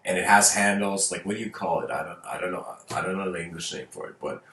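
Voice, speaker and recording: A man's voice: low voice, fast, sharp tone, echoey room. A man whose first language is Persian, talking casually to viewers, rambling through fables with frequent laughs and restarted words.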